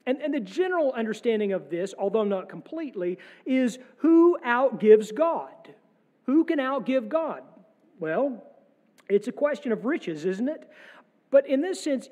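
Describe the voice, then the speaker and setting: A male pastor preaching a sermon in a church, posing measured rhetorical questions with wry asides. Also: high voice, darkish tone. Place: church sanctuary. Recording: long church reverb.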